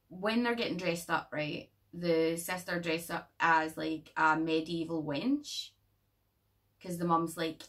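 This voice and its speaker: A young woman chatting through a horror film review, rambling and jokey, swearing freely. Her voice sits fairly low, and she sounds a bit back from the microphone. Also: a bit bright, distant mic. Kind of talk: casual vlog chat.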